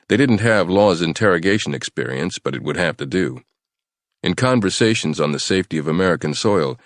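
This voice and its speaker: A man's voice: very deep voice, no echo, studio quality. A man narrating a horror thriller audiobook in a tense, dramatic storytelling manner. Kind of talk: scripted narration.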